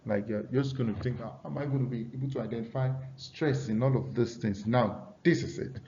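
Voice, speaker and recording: A man's voice: medium pitch, a little fast, warm tone, dull audio, a little hiss or hum. A man teaching an English pronunciation lesson, often repeating himself and checking in with his students.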